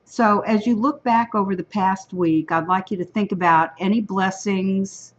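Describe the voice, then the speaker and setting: A woman with a raspy voice leading an online prayer service and reading a psalm aloud slowly and solemnly, heard over a computer microphone on a video call. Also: medium pitch, muffled recording.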